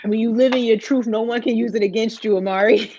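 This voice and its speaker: A woman's voice: on the high side, fairly even intonation, fairly quick, darkish tone, dry recording, highs cut off. A woman co-hosting a casual podcast chat, talking in slangy, profane, rambling bursts. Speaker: podcast co-host.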